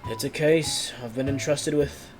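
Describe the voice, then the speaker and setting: A man's voice: mid-range voice, a little slow, lightly acted. A man voicing a determined male investigator in a tabletop game, speaking in an earnest, persistent way. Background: guitar music.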